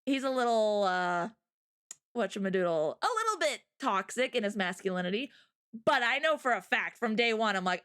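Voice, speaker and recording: A woman co-hosting a casual livestream chat, talking in an animated, emphatic rant. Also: medium pitch, moderate pace. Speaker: streamer co-host. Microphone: streaming mic.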